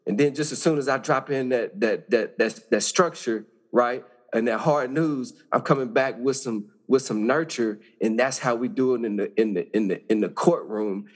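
A man's voice: medium pitch, normal speed, few pauses. A man who is a judge, talking earnestly as a podcast guest and often repeating words as he builds his point.

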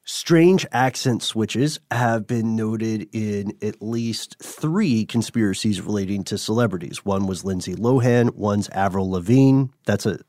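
A man hosting a podcast, explaining things in a measured, casual way and laughing often. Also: on the low side, a little mellow, no room sound, clean studio sound. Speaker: podcast host.

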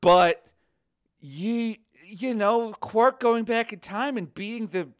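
A man, a comedian guest on a podcast, telling rambling, animated stories in casual chat, with swearing and mocking voices. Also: high voice, takes it slowly.

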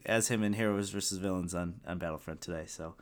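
Low-voiced, easygoing male podcast co-host. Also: fast. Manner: relaxed, chuckles often, restarts sentences. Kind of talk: casual fan podcast chat.

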